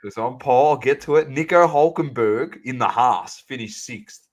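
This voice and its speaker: A man co-hosting a sports podcast, chatting casually and animatedly, calling out to the audience as ladies and gentlemen. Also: mid-range voice, normal speed. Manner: animated, banter-heavy, addresses listeners as ladies and gentlemen. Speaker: podcast co-host.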